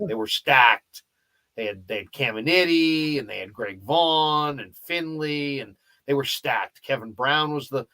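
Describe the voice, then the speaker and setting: A man hosting a casual sports radio show, telling anecdotes as a lively storyteller who acts out the dialogue. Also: mid-range voice.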